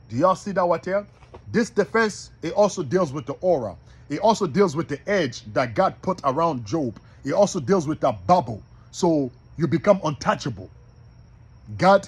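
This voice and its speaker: A man teaching from the Bible like a preacher, reading verses slowly and asking the listeners if they are following him. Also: on the high side, breathy edge. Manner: reads verses slowly and repeats them. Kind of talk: street-style bible teaching.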